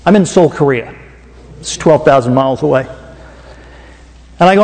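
Middle-aged Oklahoman preacher, slightly high voice, folksy storyteller, long hall reverb. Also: moderate pace, long pauses, darkish tone. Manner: folksy, conversational, jokes with the audience. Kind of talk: storytelling sermon.

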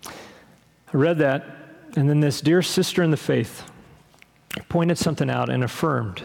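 A middle-aged man preaching a sermon as pastor, earnest and unhurried, often pausing with fillers and restarting his sentences. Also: a little high, vocal fry, a little mellow, big-room sound.

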